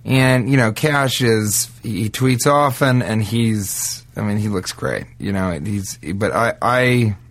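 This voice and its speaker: A man co-hosting a comedy podcast, teasing his partner with quick deadpan interjections. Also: lowish voice. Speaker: podcast co-host. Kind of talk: comedic banter.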